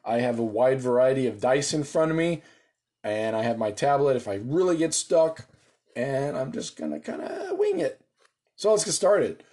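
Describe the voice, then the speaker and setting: American guy, hyped solo gamer, jokes and cusses, mid-pitched everyday voice. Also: normal speed. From United States. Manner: excited, joking, swears casually. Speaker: solo tabletop game player. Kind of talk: casual solo game chat.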